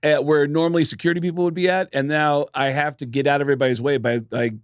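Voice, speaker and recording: A man with a slightly high, smooth voice talks fast while co-hosting a podcast, recorded in studio quality with no room sound. Telling a story casually, he's animated and acts out what people said.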